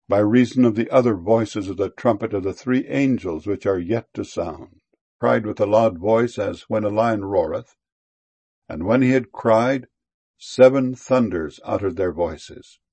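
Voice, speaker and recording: Gravelly man reading scripture aloud. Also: on the low side, moderate pace, darkish tone, dry recording. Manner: raises voice for quoted cries. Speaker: scripture reader.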